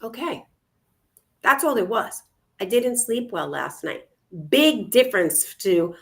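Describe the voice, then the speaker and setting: A woman co-hosting a casual talk show in a mid-pitched voice. She talks energetically and directly to her listeners, encouraging them. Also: expressive, unhurried. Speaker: co-host. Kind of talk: casual chat.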